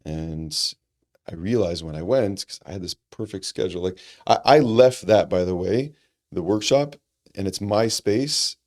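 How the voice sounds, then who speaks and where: Deep-voiced man telling a heartfelt story. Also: a little slow. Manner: animated, acts out quoted dialogue, frequent restarts; earnest and reflective. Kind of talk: conversational storytelling.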